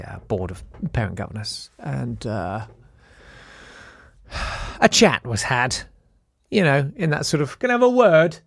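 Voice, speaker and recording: Man, podcast host, wry storytelling, lively pitch, dry close sound. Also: vocal fry, no room sound. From South East London. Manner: wry, self-deprecating, acts out the people in his story. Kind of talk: casual storytelling monologue.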